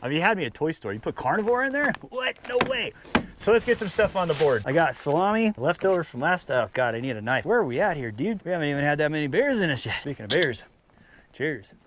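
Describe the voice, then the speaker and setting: A man's voice: a little high, quick pace, noisy background. Laid-back man vlogging at camp. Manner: relaxed, chatty, talks to his dogs. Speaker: outdoor vlogger. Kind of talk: casual camp vlog talk. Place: mountain campsite outdoors.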